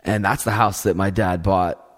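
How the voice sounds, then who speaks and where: A man's voice: sits low, fairly even intonation, normal speed, a bit bright. A man in casual chat, telling rambling, profane stories packed with "like" and filler. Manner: rambling, profane storytelling, heavy use of "like".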